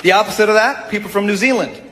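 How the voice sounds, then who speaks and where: A man doing stand-up in a mocking way, with quick impressions. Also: high voice, big-room sound, very noisy. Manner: mocking, does accent impressions. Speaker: stand-up comic. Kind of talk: stand-up routine.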